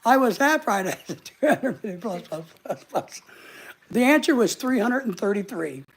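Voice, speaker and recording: A man's voice: sits high, big pitch swings, moderate pace, breathy edge. A man hosting a casual livestream from his couch at home, joking around and reading viewer comments aloud. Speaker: livestream host. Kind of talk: casual live chat. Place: home living room couch.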